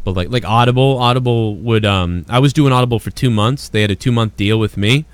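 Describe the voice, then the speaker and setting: Man from Massachusetts, casual podcast chat, smooth resonant voice, dry close sound. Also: medium pitch, fairly quick, dry recording. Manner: rambling, swearing, many fillers. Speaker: podcast host.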